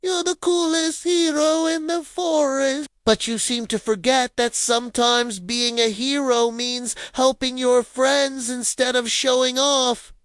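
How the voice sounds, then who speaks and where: A woman voicing a kind young female forest animal in a cartoon story, speaking gently. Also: sits high, flat delivery, very slow, no room sound, voice pushed up. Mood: gentle. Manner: gentle, reassuring.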